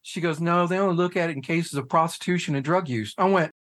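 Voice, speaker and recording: Animated man telling his story, swearing freely. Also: on the high side, fast talker. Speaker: guest, head of a fathers' nonprofit. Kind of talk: casual podcast conversation.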